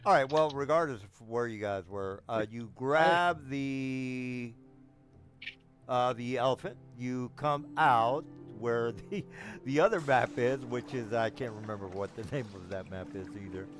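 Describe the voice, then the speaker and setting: A man's voice: mid-range voice, a little slow, soft background music. Hesitant man running a tabletop game. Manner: hesitant, full of fillers and restarts. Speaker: game master.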